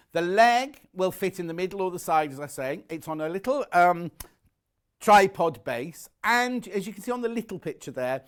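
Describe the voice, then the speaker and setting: High-voiced man selling on TV. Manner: chatty, rapid sales patter with frequent self-corrections. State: out of breath. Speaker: shopping channel presenter. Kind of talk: live TV sales pitch. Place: TV shopping studio.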